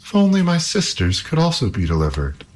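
A man's voice: mid-range voice, wildly swooping pitch, brisk, slight background noise, pitched above the performer's own voice. A man voicing a frightened young princess held captive in a storybook castle, speaking in a raised, alarmed voice. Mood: urging.

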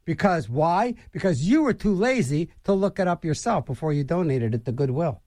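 Wisecracking male radio DJ, lively pitch. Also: moderate pace, few pauses, dry recording, studio quality. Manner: wisecracking, meandering, with sighs and jokey asides. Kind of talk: rambling radio show banter.

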